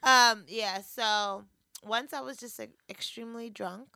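Young woman on a podcast, gravelly but bright voice, lively, cusses and laughs a lot. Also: on the high side, measured pace, no room sound, clean studio sound. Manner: playful banter, laughs often, swears freely. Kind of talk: casual chat.

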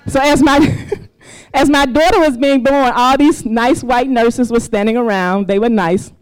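A woman's voice: a little high, a little slow, clean tone, rough recording. A woman in her fifties from Mississippi tells a personal story to a live audience, laughing often and acting out the voices she quotes. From US South, Mississippi. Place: stage before a live audience.

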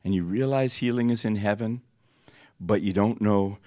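A man teaching at a ministry school, telling stories and laughing often, jumping up in pitch as he acts out what people said. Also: moderate pace, dark tone, no room sound, clean studio sound. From United States. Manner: storytelling, laughs often, acts out dialogue with big jumps in pitch. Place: church teaching hall.

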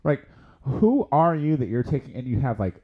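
A man co-hosting a podcast, his pitch climbing and dropping all over the place as he rants. He swears freely and laughs his way through crude, casual stories. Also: moderate pace, narrow, tinny audio. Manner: profane, laughing, lively storytelling. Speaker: podcast co-host.

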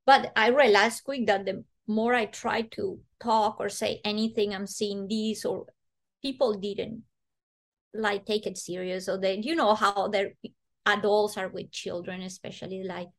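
A woman's voice: mid-range voice, fairly even intonation, measured pace, gravelly. A woman guest earnestly telling a personal story in conversation, acting out the voices she quotes.

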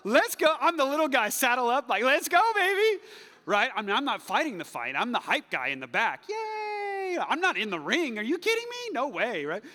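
Man, pastor, sermon, animated and jokey, bright voice, long hall reverb. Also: very high-pitched, a little fast, few pauses. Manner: animated and jokey, swinging from loud hype to hushed calm.

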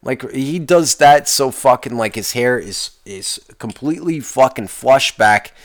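A man's voice: medium pitch, animated, measured pace, dry recording, studio quality. A man hosting a solo podcast, rambling and complaining in a profane, exasperated way, often restarting his sentences. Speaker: podcast host.

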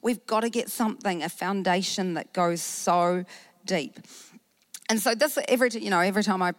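A woman's voice: mid-range voice, normal speed, no room sound. New Zealand woman pastor telling her story. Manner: animated storytelling with acted-out quotes. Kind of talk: personal story sermon.

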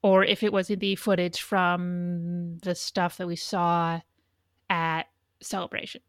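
A woman co-hosting a podcast, talking in a loose, rambling way with lots of restarts and casual swearing. Her voice has a gravelly edge. The recording is dry and close. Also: lowish voice, little pitch movement, slow, no echo. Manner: rambling, profane, frequent restarts. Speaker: podcast co-host. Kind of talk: casual chat.

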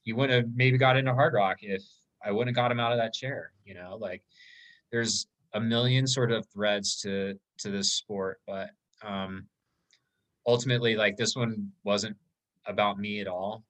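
A man's voice: fairly low pitch, fairly even intonation, moderate pace, fairly bright tone, low-quality recording. A man on a podcast, telling an emotional story about an ultramarathon in a casual, rambling way with many fillers.

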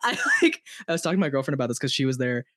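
A man chatting casually on a podcast, animated and stammering with many restarts, swearing and laughing often. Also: mid-range voice, racing, heavy background noise. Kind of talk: casual chat.

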